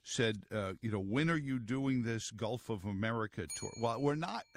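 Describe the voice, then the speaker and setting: A man's voice: mid-range voice, lively intonation, moderate pace, slight background noise. A middle-aged man hosting a morning radio talk show, rambling through news with wry asides and lots of fillers.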